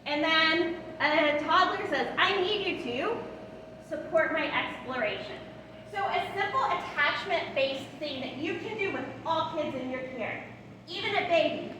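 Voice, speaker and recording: A middle-aged woman gives a training talk on attachment to foster and adoptive parents, often checking in with "right?" and acting out gentle words to a child. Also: extremely high pitch, animated, unhurried. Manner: tags lines with "right?" and "all right?"; acts out soothing words to a child. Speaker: guest speaker on attachment. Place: large hall. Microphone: room mic far from the speaker. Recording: echoey hall from far off, noisy.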